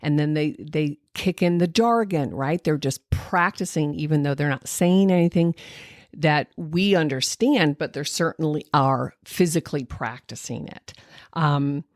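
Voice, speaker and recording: In clean studio sound with no echo, a woman speaks a little slowly in a low, slightly mellow voice. She's hosting a solo educational podcast about speech and language development, using many fillers and demonstrating sounds and intonation as she explains.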